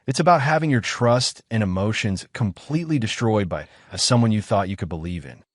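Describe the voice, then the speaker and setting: A man's voice: on the low side, expressive, fairly quick, dry recording, studio quality. A man narrating commentary over clips in a blunt, judgmental tone.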